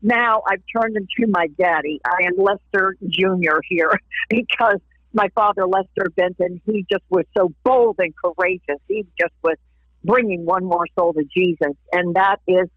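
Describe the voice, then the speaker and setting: A woman's voice: fairly low pitch, moderate pace, no room sound. A woman from Florida shares her faith story as a guest on an interview show. She laughs often and plays out the voices of people she quotes. Her voice comes through a tinny phone line with a dry, close sound. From Florida, USA. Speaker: interview guest, singer and evangelist. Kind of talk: personal testimony in a casual interview.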